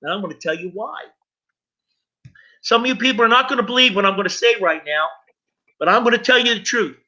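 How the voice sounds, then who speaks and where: A man's voice: sits high, fairly quick, pushed and bright, lo-fi sound. A middle-aged man sharing his recovery story in an earnest personal testimony, speaking straight to his listeners.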